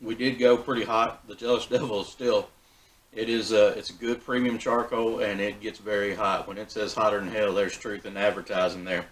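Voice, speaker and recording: A man hosting a backyard barbecue vlog, talking in a relaxed, folksy way with fillers and restarts. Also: fairly low pitch, normal speed, low-quality recording. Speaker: backyard BBQ channel host. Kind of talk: casual cooking vlog.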